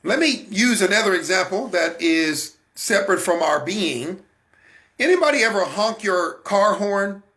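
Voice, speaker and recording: Man, faith talk host, slow, gravelly, bright voice, preachy and animated. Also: high-pitched. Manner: animated, preachy, addresses listeners directly.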